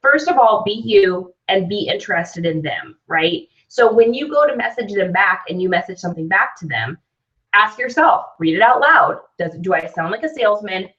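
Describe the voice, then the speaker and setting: Leading an online business training, this host and sales trainer talks in an upbeat, chatty way, frequently asking "right?". She has an animated mid-range voice at a moderate pace with a fairly bright tone, captured on a slightly distant mic in dull lo-fi sound.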